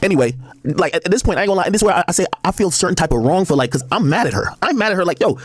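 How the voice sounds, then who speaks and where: A man talks at a racing clip in a husky, dry-sounding voice, and his pitch swings widely as he reads text messages aloud. He breaks off the quotes with blunt asides on a heated livestream. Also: animated, very fast. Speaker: streamer reading out text messages.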